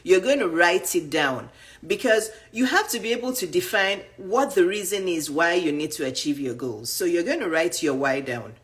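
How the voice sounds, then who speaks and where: A woman's voice: fairly low pitch, moderate pace. Nigerian woman coach, rhetorical questions. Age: 50s. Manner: animated, asks rhetorical questions and acts out viewers' thoughts. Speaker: dating and image coach. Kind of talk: casual motivational talk to viewers. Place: live stream.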